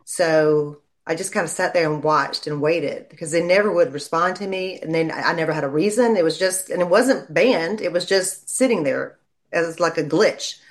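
A woman, a lawyer chatting in an interview and telling stories in a lively way. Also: low-pitched, moderate pace. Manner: chatty storyteller, animated when quoting people. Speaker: lawyer and legal commentator. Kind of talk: casual interview chat.

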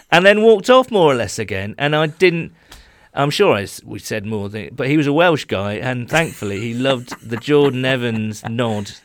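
A man's voice: medium pitch, expressive, moderate pace, hardly any pauses, no room sound. A man co-hosting a casual sports chat podcast, rambling and laughing easily as he tells stories. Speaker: podcast co-host. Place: small home room.

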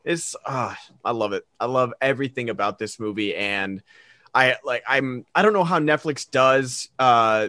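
Bright-voiced, gushing male podcast co-host. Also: medium pitch, no room sound, clean studio sound. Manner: enthusiastic, gushing, acts out quoted lines. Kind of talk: casual movie chat. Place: remote call.

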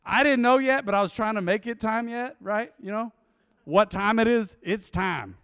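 Male pastor, forties, high lively voice, storytelling sermon, dry close sound. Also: normal speed, clear, resonant tone, dry recording. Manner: lively storytelling, acting out dialogue.

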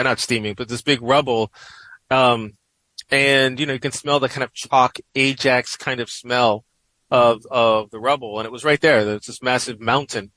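A man's voice: mid-range voice, sharp tone, no room sound, rough recording. A man in his forties from New York, a guest columnist telling a personal story in a radio interview, reflective and rambling with many "you know"s.

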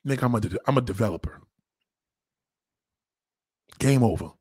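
Profane, animated New man ranting. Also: normal speed, slightly rough. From New York. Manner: profane, animated, swinging pitch. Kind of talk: casual rant.

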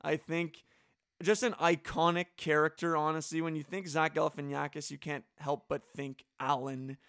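A man's voice: a little high, level tone, normal speed, fairly bright tone, clear, resonant tone, dry recording, studio quality. A man casually chatting on a podcast, talkative and enthusiastic, full of "like" fillers. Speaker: podcast co-host drafting movie characters.

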